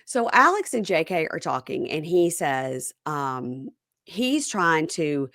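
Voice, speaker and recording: Animated woman recapping with dry sound. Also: slow pace, no room sound. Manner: animated retelling, acts out quotes with sudden high sarcastic jumps. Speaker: podcast host recapping a reality show. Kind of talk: casual chat.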